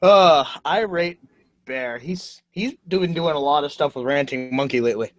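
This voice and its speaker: A man's voice: on the high side, moderate pace, no echo. A man chatting on a group livestream, teasing the others and laughing easily. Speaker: livestream guest. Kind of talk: casual group livestream chat.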